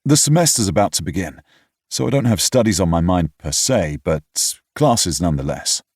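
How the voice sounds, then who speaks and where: A man's voice: low voice, animated, normal speed, a little mellow, breathy edge, no echo, studio quality. A young British man narrating a first-person romance audiobook in a reflective, wry, slightly pompous way. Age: young adult.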